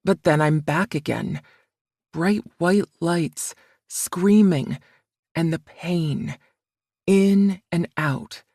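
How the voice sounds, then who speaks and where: A woman narrating a romance audiobook in the first person, with a soft, measured, emotional reading. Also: lowish voice, no echo, studio quality.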